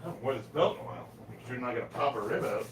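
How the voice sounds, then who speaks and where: A man's voice: mid-range voice, animated, rapid-fire, slight background noise. A man in his fifties chatting bluntly and profanely between lifts in his home gym, laughing often. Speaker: strength training vlogger. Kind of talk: casual rambling chat while lifting.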